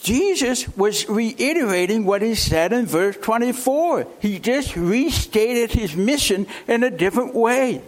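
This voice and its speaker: High-voiced, unhurried male preacher. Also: animated. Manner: emphatic, with rhetorical questions. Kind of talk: sermon.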